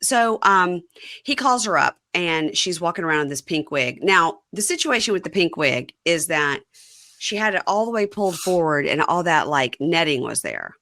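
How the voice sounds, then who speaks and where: A woman's voice: low-pitched, moderate pace. A woman podcast host casually recapping a reality show, acting out the people she quotes. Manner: animated, acts out quoted lines in raised voices.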